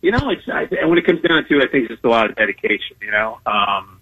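Over a dull, lo-fi phone line with no echo, a man who hosts a TV food challenge talks in an animated, mid-range voice at a quick pace. As a guest on a casual radio interview, he spins chatty stories full of laughter and fillers.

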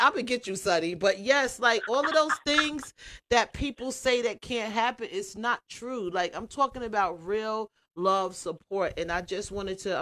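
Animated storytelling woman on radio. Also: fairly low pitch. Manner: animated storyteller, acts out dialogue. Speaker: guest, radio and cooking personality. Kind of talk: casual radio interview chat.

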